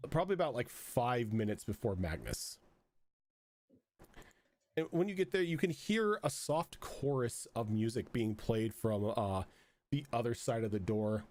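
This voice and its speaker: A man's voice: medium pitch, darkish tone. Male game master, mid-range voice, rambling narration full of restarts. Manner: rambling, many fillers and restarts.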